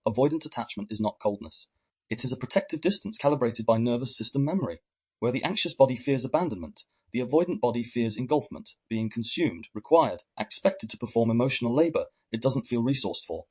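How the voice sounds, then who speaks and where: A man hosting a podcast, giving measured, reflective scripted narration. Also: medium pitch, expressive, breathy edge. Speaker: podcast host.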